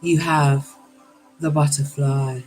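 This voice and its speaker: A woman's voice: deep voice, steady tone, slow pace, a little mellow, a little hiss or hum, rough recording. A woman hosting a live tarot reading, exclaiming, swearing and apologizing, and calling her viewers darlings. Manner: affectionate, calls listeners darlings. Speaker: tarot reader.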